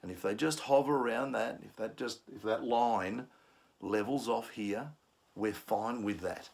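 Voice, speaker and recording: Husky, low-voiced trainer. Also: male voice, a little slow. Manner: explanatory, acts out angry commuters. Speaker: conflict management trainer. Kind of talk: instructional talk.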